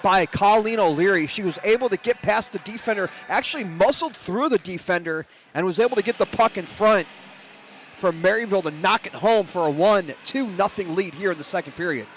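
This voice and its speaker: A man's voice: high-pitched, brisk, fairly bright tone. A man doing color commentary on a hockey broadcast, chatty and laughing through rambling asides.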